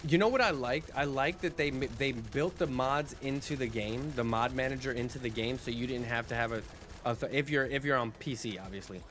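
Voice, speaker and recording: A man's voice: mid-range voice, fairly quick, a little hiss or hum. A man streaming a game, chatting casually and rambling to his viewers. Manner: relaxed, rambling, with restarts and fillers.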